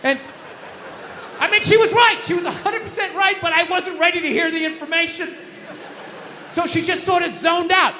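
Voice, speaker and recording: A man's voice: very high voice, fairly even intonation, normal speed, long pauses, noisy background. A middle-aged man doing a stand-up comedy routine on a stage, ranting in exasperation, swearing and acting out scenes. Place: comedy stage in a large venue. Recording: live hall reverb, faint crowd ambience.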